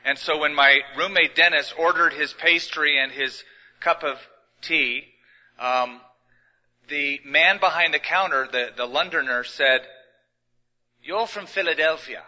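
A middle-aged man preaching a sermon in a large church, telling stories in a relaxed, conversational way with touches of humor. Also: a little high, measured pace. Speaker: pastor. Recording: long hall reverb, dull lo-fi sound.

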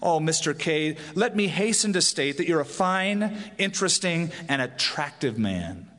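A man's voice: a little high, expressive, unhurried, fairly bright tone. A man voicing a polite but blunt woman from a comic strip, with a dry manner, in a hall with long reverb.

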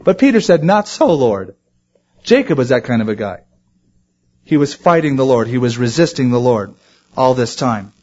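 A man preaching a sermon to his congregation, animated and acting out quoted voices. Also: mid-range voice, moderate pace, muffled recording. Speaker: pastor.

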